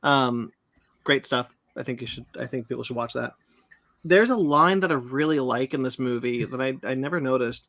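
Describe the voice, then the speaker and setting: A man's voice: medium pitch, moderate pace, fairly bright tone, no room sound. A man hosting a podcast, talking loosely about a film with many hesitant fillers. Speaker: podcast host. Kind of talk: casual film discussion.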